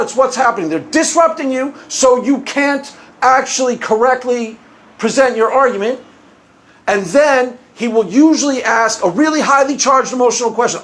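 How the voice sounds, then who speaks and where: A man talking unscripted to his video audience, telling stories animatedly and acting out what others said, often laughing. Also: very high voice. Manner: animated storytelling, acts out quotes, laughs often; conversational, many restarts. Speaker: YouTube commentator.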